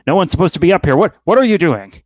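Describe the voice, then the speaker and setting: A man's voice: a little high, lively intonation, racing, no echo, pitched above the performer's own voice, natural voice. A man voicing a suspicious older male guard with an Austrian accent, sounding incensed.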